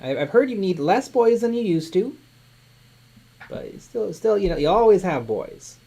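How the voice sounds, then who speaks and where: A man's voice: sits high, sing-song, moderate pace, gravelly, warm tone, husky. A man co-hosting a live miniature-painting stream, chatting in an easygoing way and often murmuring agreement. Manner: easygoing, lots of agreeing "mm-hmm". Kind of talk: casual chat.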